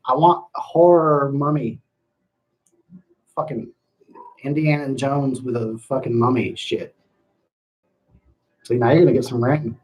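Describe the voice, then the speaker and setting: A man's voice: fairly high pitch, a little mellow, poor audio. A man hosting a casual livestream at home, answering chat with loose, profane talk and frequent laughter, slipping into rants. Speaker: livestream host reading chat.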